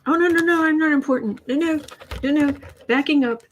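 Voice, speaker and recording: A woman's voice: high voice, a little fast, a little hiss or hum, voice pushed up, natural voice. A woman mocking a cowering male pundit who whines and protests to dodge questions. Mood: whiny dodging.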